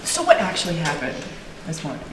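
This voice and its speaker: A young woman playing a blunt, curious high school girl friend. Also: wildly swooping pitch, brisk. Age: young adult. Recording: echoey room with clear noise.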